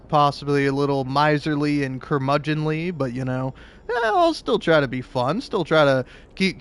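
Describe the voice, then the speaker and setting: A man's voice: on the high side, fairly bright tone, smooth. Rambling young gaming streamer guy. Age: 20s. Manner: rambling, stammering, laughs often. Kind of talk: casual chat while playing.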